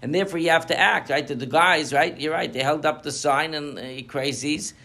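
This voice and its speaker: A man, a rabbi, giving a lively Torah class to a live audience, joking and throwing out rhetorical questions, with Yiddish and Hebrew terms mixed in. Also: fairly high pitch, fairly quick, creaky.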